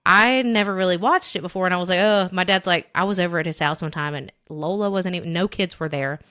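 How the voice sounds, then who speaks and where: A woman's voice: fairly low pitch, quick pace, fairly bright tone, clear, resonant tone. A young adult woman co-hosting a podcast, telling stories in a loose, rambling way full of fillers and quoted voices. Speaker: podcast co-host. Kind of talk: casual chat.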